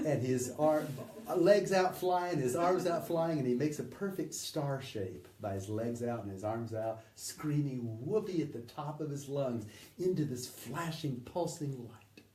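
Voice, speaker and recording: A man, an interview guest, telling a personal story in a vivid, animated way. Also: mid-range voice, reverberant, far from the mic.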